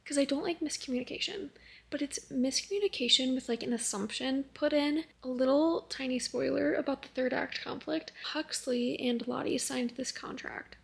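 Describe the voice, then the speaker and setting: A woman's voice: sits high, normal speed, creaky. A young woman chatting casually in a book review vlog, full of fillers, sometimes dropping to a near-whisper. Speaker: book vlogger.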